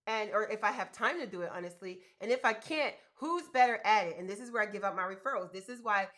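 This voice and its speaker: A woman hosting a motivational live stream about grants for mothers, talking in an animated, emphatic, colloquial way. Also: mid-range voice, fast talker. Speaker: host giving business grant advice.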